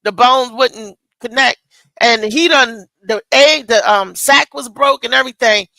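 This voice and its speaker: High, gravelly, bright-voiced woman host. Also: a little slow, dry recording, low-quality recording. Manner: animated storyteller, acts out quoted voices loudly. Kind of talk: casual chat.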